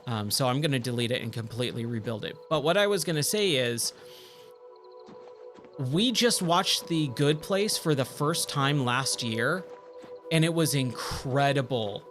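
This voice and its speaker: Male streamer, unhurried, awestruck casual chat, thanks chat often; faint game music under. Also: mid-range voice, lively intonation. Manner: chatty and easily awed, thanks viewers warmly. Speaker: livestream gaming host. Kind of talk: casual livestream chat while gaming.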